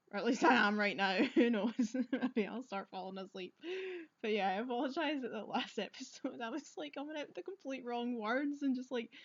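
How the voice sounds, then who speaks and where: A woman's voice: a little high, lo-fi sound. A woman chatting casually while playing a game, laughing often and poking fun at herself. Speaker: let's-play streamer. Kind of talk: casual game commentary and reading dialogue aloud.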